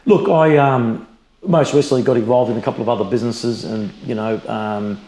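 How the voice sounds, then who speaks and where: A man's voice: medium pitch, a little fast. A middle-aged Australian man, a business founder and mentor, chatting as an interview guest and acting out quoted exchanges as he tells stories. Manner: animated storyteller, acts out quoted exchanges. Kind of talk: casual interview conversation. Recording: echoey room, faint ambience.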